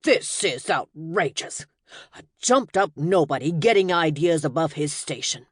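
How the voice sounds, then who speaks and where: A woman's voice: sits low, animated, unhurried, husky, no room sound, studio quality, full character voice. A woman voicing an indignant, pompous gray-haired wizard. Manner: pompous, outraged.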